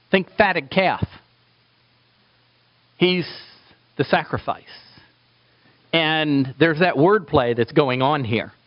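A man preaching a sermon in an animated way, acting out quoted voices for humor. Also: a little high, highs cut off.

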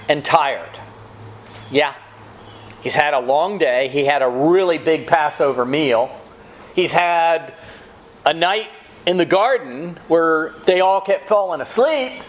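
A man's voice: on the high side, highs cut off. A man preaching a sermon, asking rhetorical questions and acting out quotes. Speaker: pastor.

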